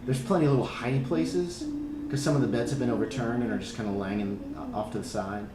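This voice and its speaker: A man's voice: medium pitch, quick pace. A man running a tabletop game as game master, hesitant and full of restarts. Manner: hesitant, many ums and restarts. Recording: echoey room with background noise.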